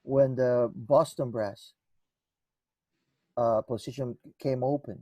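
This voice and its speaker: In a mellow, mid-range voice with fairly even intonation, a guest musician tells stories slowly during an interview in a dry recording. He rambles conversationally, frequently restarting and acting out bits of dialogue.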